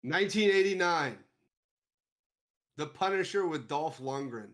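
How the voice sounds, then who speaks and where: A man casually chatting about movies on a podcast, animated, swearing freely and laughing a lot. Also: fairly high pitch, unhurried. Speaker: podcast co-host.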